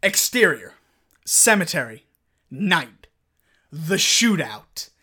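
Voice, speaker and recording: Man, animated monologue reader, crude, loud peaks. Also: on the high side, slow pace, slightly rough. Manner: animated, swearing, rising to shouts. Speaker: performer. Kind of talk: performing a film monologue.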